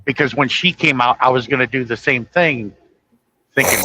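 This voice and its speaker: A man's voice: medium pitch, moderate pace, pushed and bright, no echo, low-quality recording. A man telling a long, rambling story in casual chat, acting out the dialogue as he goes. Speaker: guest storyteller.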